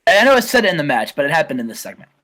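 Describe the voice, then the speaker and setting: A man hosting a casual game playthrough, retelling events in an animated, rambling way with lots of fillers. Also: on the high side, rapid-fire. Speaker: host.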